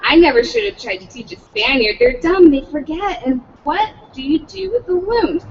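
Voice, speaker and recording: A woman's voice: sits high, sing-song, moderate pace, highs cut off, slight background noise, voice pushed up. A woman reading as a scolding fencing master. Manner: scolding, contemptuous. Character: scornful old fencing master, male.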